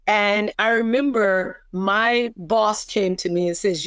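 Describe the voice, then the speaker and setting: A woman's voice: medium pitch, steady tone, unhurried, hardly any pauses, a bit bright, smooth, no room sound. A woman hosting a podcast chats casually in a mid-range voice, reacting with emphasis and trading her own stories. Her voice sits close and dry on the mic. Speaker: podcast host. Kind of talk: casual chat.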